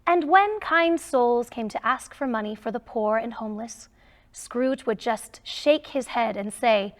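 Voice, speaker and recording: Woman reader, children's storybook, higher voice, slow and expressive. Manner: slow, expressive, emphatic reading. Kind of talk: children's storybook read-aloud.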